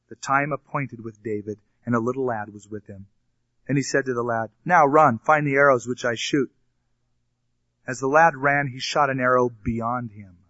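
A man's voice: medium pitch, pushed and bright, no room sound, muffled recording. A male pastor teaching a Bible passage, reading scripture aloud and then explaining it in plain, casual asides. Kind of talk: expository Bible sermon.

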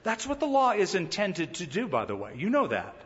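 A male pastor delivers a sermon with a fairly high, very lively voice that swoops up and down as he acts out the people he quotes. The sound is somewhat dull, with a long reverb trailing off in a hall. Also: a little fast. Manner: animated preaching that acts out quoted speakers.

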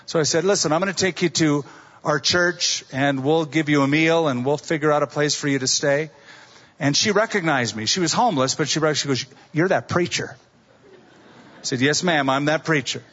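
Storytelling male pastor, slightly high voice. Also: normal speed, a bit bright, muffled recording. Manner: storytelling with acted-out quotes. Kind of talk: sermon.

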